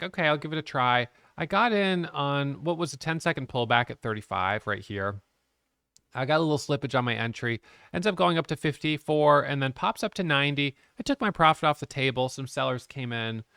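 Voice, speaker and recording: A man's voice: mid-range voice, animated, brisk, gravelly, bright, forceful tone, clean tone, no echo, studio quality. A man giving a casual, frank recap of his day trades, talking through the charts and openly criticizing his own mistakes.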